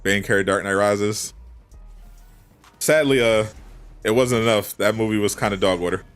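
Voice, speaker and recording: A man's voice: fairly low pitch, moderate pace, clear, resonant tone, faint music behind. A man streaming, chatting in a laid-back way with frequent restarts, close to a desk microphone. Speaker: gaming streamer. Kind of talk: casual chat. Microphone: desk condenser mic.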